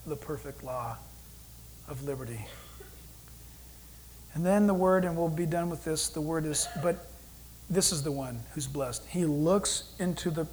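A man preaching a sermon as pastor, animated, acting out God's voice in quoted asides. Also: fairly high pitch, slight background noise, poor audio.

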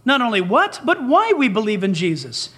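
A man with a very high voice delivers a sermon with sweeping, animated pitch. He preaches emphatically and dramatically, slipping into quoted dialogue as he goes. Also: moderate pace. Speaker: pastor.

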